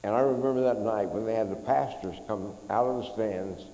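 A man's voice: lowish voice, fairly quick, mellow. Male pastor, middle-aged, folksy sermon, call-and-response, echoey church hall. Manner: folksy, leads the congregation in call-and-response chants. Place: church sanctuary.

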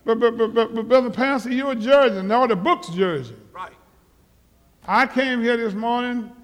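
A male pastor with a very high-pitched voice preaches at normal speed in a live church auditorium, where long reverb hangs in the air. His sermon is emphatic and repetitive, and he rises to loud exhortation.

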